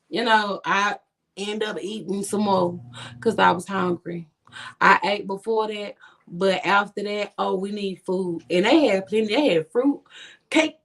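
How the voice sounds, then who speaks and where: A woman guest on a podcast telling a story casually, animated and acting out what her friends said. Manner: animated, swings pitch to act out friends' lines.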